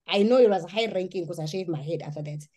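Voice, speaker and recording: A woman's voice: fairly low pitch, fast, dark tone. A woman giving an earnest personal testimony, speaking emphatically and often restarting her sentences.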